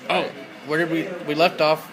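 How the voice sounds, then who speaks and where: A man playing a tabletop role-playing game in a loose way with stumbling restarts, over loud crowd chatter. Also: on the high side, level tone, normal speed, low-quality recording. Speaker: player.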